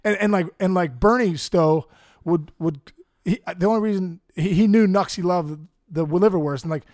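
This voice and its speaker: A middle-aged man telling stories in a casual chat, animated, acting out the people in them and laughing often. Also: high-pitched, normal speed. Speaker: guest storyteller. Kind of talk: casual storytelling.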